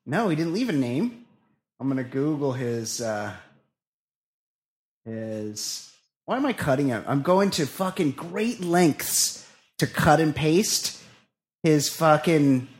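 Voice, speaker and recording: A man hosting a comedy podcast, bantering excitably with lots of swearing. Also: on the high side, takes it slowly, pauses often, breathy edge. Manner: profane, excitable, laughing banter. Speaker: podcast host. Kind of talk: casual comedy podcast chat.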